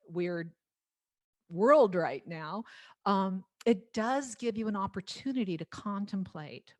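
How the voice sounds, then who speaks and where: A woman's voice: fairly low pitch, no echo. Chatty woman singer telling stories. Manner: chatty, lively storytelling with frequent laughs and restarts. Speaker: singer-songwriter. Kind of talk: casual talk at an album launch.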